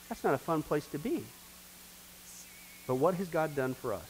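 A man's voice: on the high side, expressive, normal speed, long pauses, a little mellow, slight background noise, rough recording. A man teaching a church discipleship class in an emphatic preaching style, repeating phrases and talking straight to the group. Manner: emphatic, repetitive, addresses the class directly.

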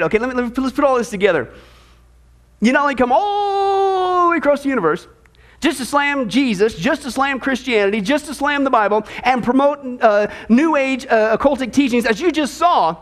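A man pastor preaching a sermon in an animated, sarcastic way. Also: very high voice.

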